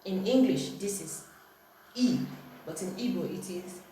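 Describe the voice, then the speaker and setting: A woman's voice: fairly low pitch, lively intonation, unhurried, warm tone. A woman with a Nigerian accent teaching a language lesson at home, firmly correcting and repeating words with exaggerated tones. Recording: echoey room, distant mic, faint noise.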